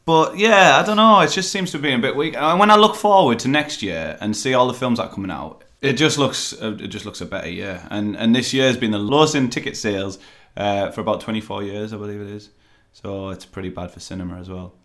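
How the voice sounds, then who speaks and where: Bright-voiced podcast host. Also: male voice, lowish voice, a little fast, few pauses. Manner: chatty, laughs often, trails off into fillers. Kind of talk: casual chat.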